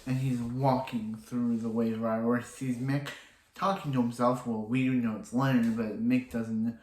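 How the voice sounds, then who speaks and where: A man's voice: medium pitch, level tone, normal speed, darkish tone, roomy sound, low-quality recording. A man casually recapping a TV episode, rambling and restarting his sentences often as he quotes the characters in passing. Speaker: TV episode reviewer.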